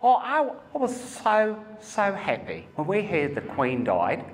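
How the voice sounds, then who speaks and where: A gleeful Australian woman shouting out in excitement, high and sing-song, as a male comedian puts her on. The voice carries a long hall reverb with faint room ambience. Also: a little slow, a little hiss or hum, full character voice.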